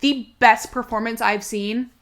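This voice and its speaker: A woman's voice: on the high side, fairly even intonation, measured pace, fairly bright tone. A woman co-hosting a casual podcast chat, effusive and emphatic, repeating phrases to drive her point home. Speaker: podcast co-host.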